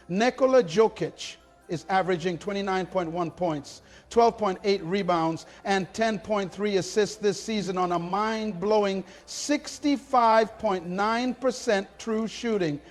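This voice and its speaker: A man giving dramatic, indignant scripted narration for a sports channel, with punchy lines. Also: sits high.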